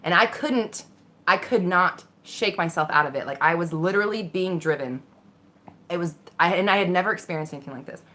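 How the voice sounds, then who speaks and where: Animated bright-voiced woman telling a story. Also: fairly low pitch, brisk. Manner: candid, animated, swears freely, acts out voices. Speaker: vlogger. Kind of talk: casual storytelling.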